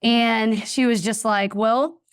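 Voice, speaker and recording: Woman guest on a podcast, kinda high voice, super animated storyteller, dry close mic. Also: slow pace, smooth, no echo. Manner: animated, acts out voices in her anecdotes. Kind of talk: storytelling in a casual interview.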